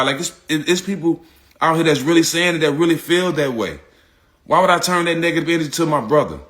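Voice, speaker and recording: A man speaking straight to his audience in loose, slangy talk, hammering the same points again and again. His voice is bright and forceful, sitting at an ordinary pitch for a man. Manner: emphatic, repetitive, slangy. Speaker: public figure speaking out. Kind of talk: casual direct-to-audience talk.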